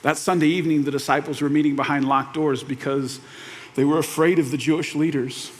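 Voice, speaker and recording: Pastor giving an Easter sermon, high voice, dips hushed then lifts animated; storyteller. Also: male voice, fairly quick. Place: church auditorium.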